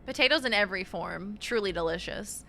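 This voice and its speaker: A woman's voice: mid-range voice, expressive, normal speed, bright, forceful tone, a little hiss or hum. A woman streaming a video game, chatting casually, laughing often and swearing freely. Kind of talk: casual chat while gaming.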